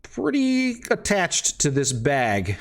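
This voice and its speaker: A man's voice: on the high side, wildly swooping pitch, slow. Rambling male game master. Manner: loose, rambling narration full of fillers. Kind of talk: narrating a tabletop game.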